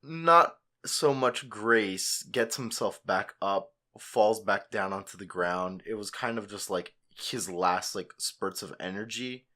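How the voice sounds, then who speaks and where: Low-voiced dude on a podcast, talks real slow, chill and reflective. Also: male voice, bright, forceful tone. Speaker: podcast co-host. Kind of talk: casual chat.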